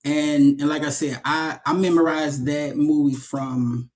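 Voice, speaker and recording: Animated man telling stories. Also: on the high side, unhurried, a little hiss or hum. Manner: animated, repeats words while storytelling. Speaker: actor, interview guest. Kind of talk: casual interview storytelling.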